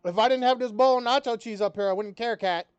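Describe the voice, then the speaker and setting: A man's voice: very high voice, fast talker, clear, resonant tone, no echo, muffled recording. A man streaming a game, chatting casually, who swears and scolds his cat in baby talk. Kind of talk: casual live-stream chat.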